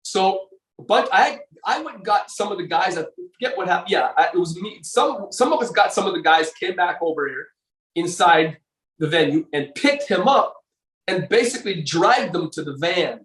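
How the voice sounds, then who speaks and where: An older man recounting old times as a podcast guest, his voice sitting a little higher than most men's. He rambles, circles back and restarts his sentences often. He sounds set back from the microphone in a roomy, echoing space. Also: lively intonation, moderate pace, fairly bright tone, distant mic. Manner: rambling, with many fillers and restarts. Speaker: podcast guest, former bodybuilder. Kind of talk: casual storytelling interview.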